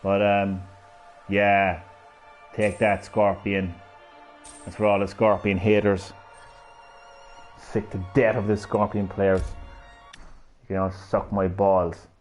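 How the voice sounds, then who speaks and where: Sweary gamer ranting over game music. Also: male voice, lowish voice, slow pace, pauses often. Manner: excitable, profane, sarcastic trash talk. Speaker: gaming streamer. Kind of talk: live gameplay commentary.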